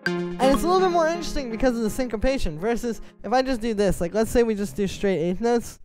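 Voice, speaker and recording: A man, a music producer, explaining melody writing in a relaxed, conversational tutorial, stepping through his points one by one. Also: extremely high pitch, fast talker. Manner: conversational, explains step by step while playing examples. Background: synth music playing.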